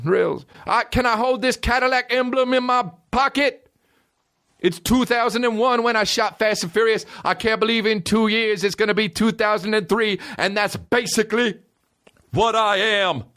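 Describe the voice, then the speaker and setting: A man doing a giddy, high-voiced rapper. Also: bright, forceful tone, heavily acted. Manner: high, sing-song and overeager, drawls its rhymes. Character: giddy, excitable male rapper obsessed with Cadillacs.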